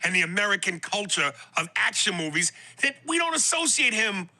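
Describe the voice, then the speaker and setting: A man co-hosting a podcast, chatting casually, animated and rambling as he corrects himself. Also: sits high, brisk. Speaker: podcast co-host. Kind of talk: casual chat.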